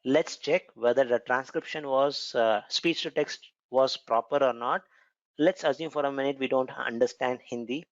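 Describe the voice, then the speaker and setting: A man's voice: medium pitch, normal speed, no echo, muffled recording. A man with an Indian accent teaching a technical lesson, explaining step by step and often correcting himself. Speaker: instructor. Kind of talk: technical lecture with screen demo.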